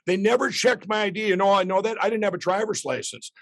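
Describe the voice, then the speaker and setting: A man, telling a rambling, excited story as a podcast guest. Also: high-pitched, quick pace, no echo.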